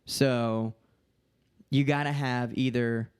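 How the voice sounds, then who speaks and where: A man co-hosting a podcast in casual chat, quick to jump into bits. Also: medium pitch, steady tone, smooth. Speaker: podcast co-host.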